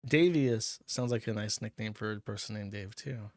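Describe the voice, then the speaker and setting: A man's voice: fairly low pitch, moderate pace, darkish tone, no room sound, clean studio sound. Profane rambling male livestream host. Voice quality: rambling, profane, laughs often. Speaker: livestream host reading paid chat messages. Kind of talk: casual livestream chat.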